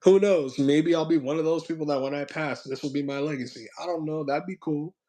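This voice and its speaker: A young man hosting his own stream, chatting casually with a friend in a rambling, reflective way that often trails off into quieter asides. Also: fairly high pitch, a little fast. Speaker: channel host.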